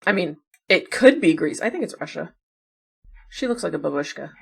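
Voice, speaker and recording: A woman talks her way through guessing games, musing aloud in a relaxed, chatty way. Her voice sits on the lower side, and she drops in wry remarks about herself as she goes. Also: normal speed, vocal fry, slightly rough. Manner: chatty, wondering aloud, self-deprecating asides. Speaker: puzzle game streamer. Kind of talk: casual think-aloud commentary.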